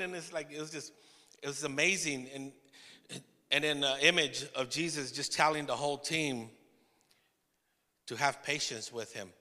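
A man preaching a testimony sermon to his church, telling the story with laughing asides and halting restarts. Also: on the high side, sharp tone, in a large hall. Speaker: pastor.

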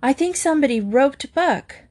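A woman's voice: on the high side, expressive, slow, a little mellow. A woman voicing a plucky young cowgirl. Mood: breathless. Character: brave young cowgirl heroine. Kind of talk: storybook read-aloud.

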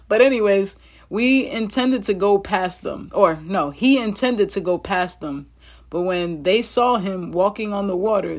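A woman reading Bible passages aloud and breaking off into chatty asides to her listeners, often laughing as she goes. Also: fairly low pitch. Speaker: Bible teacher. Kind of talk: casual Bible reading with commentary.

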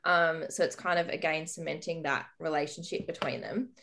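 A woman's voice: low-pitched, flat delivery, moderate pace, a bit bright. Chatty woman host recapping a story. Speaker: podcast host. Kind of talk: casual podcast chat.

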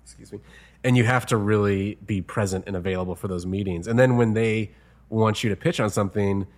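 Chatty lower-voiced man, laughing as he talks. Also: fairly even intonation, a little fast. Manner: chatty, laughs between stories. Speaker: screenwriter guest. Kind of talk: casual interview chat.

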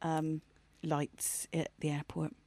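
A woman's voice: low voice, monotone, slow pace, darkish tone. A woman co-hosting a podcast, talking animatedly and chattily about her song picks. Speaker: podcast co-host. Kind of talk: casual music chat.

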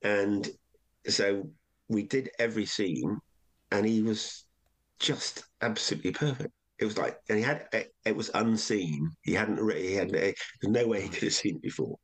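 Older male comedian guest, very low voice, rambling anecdotal storyteller. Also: moderate pace. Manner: rambling, with many restarts and acted quotes. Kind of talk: relaxed anecdotal chat.

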